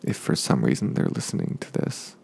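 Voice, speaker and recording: A man telling a casual spoken anecdote, rambling along with digressive asides and dark jokes. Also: fairly quick. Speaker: storyteller.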